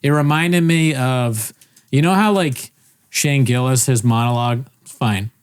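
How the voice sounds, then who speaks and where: A man's voice: mid-range voice, unhurried, smooth, no room sound, studio quality. A man co-hosting a podcast in casual chat, jokey and laughing often. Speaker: podcast co-host.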